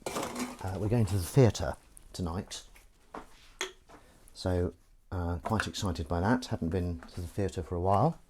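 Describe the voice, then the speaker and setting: A man's voice: low-pitched, unhurried, long pauses, noisy background. A man hosting a casual livestream while he washes up, rambling and joking at his own expense. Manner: rambling, jokey and self-mocking, with false starts and wordplay. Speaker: livestream host.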